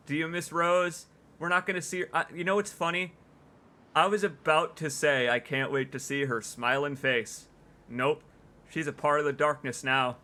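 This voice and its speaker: A young adult man streaming a game with excitable, emotional live commentary. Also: a little high, normal speed.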